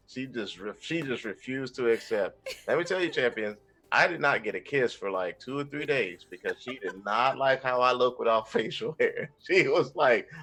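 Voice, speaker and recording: Gravelly-voiced man telling a story. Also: medium pitch, measured pace, faint music behind. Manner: rambling, relaxed storytelling with restarts. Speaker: guest, Army veteran streamer. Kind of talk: livestream interview chat.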